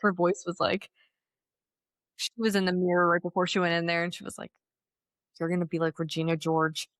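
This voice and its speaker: Woman, podcast co-host, casual chat, profane, animated, dry close sound. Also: on the low side, fairly quick, no room sound. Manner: animated, profane, laughs often, acts out quotes.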